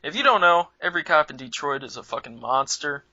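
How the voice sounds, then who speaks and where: A man's voice: medium pitch, brisk, no echo, highs cut off. A man co-hosting a comedy talk show, telling stories casually and acting out the people in them. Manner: animated storyteller who acts out the people in his stories.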